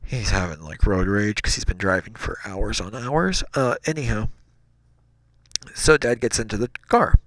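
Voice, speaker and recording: A man's voice: fairly low pitch, moderate pace, no room sound. A man casually telling a childhood story, rambling and correcting himself as he goes. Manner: rambling, self-correcting, animated.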